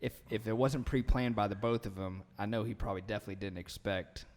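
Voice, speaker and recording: A man's voice: lowish voice, fairly even intonation, fast talker, darkish tone. A man hosting a casual podcast chat who rambles and fills his talk with "you know" and "like.". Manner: rambling, filler-heavy, self-interrupting. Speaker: podcast host. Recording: long echoey room reverb.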